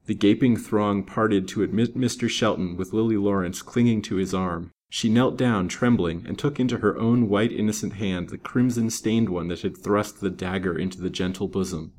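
Brief: male storyteller, low voice, measured dramatic reading of an old novel. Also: a little mellow. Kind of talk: scripted narration of a Victorian novel.

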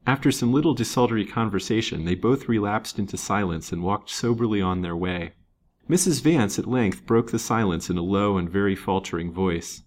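A man's voice: lowish voice, moderate pace. A man reading a Victorian novel aloud, lifting his voice for the characters' lines. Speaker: reader.

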